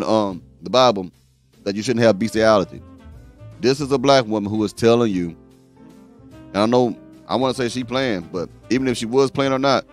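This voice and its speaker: Blunt, scolding male commentary host. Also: mid-range voice. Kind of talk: reaction commentary.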